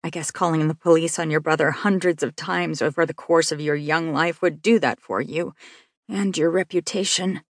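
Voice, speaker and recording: Creaky, husky woman narrating a novel. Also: low-pitched, fairly even intonation, moderate pace, no echo, clean studio sound. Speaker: audiobook narrator. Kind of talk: first-person novel narration.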